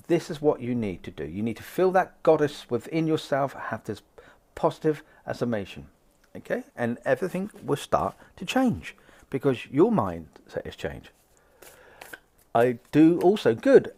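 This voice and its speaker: A man's voice: on the high side, darkish tone. A man doing a live tarot card reading, chatting upbeat with viewers and acting out little conversations. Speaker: psychic card reader.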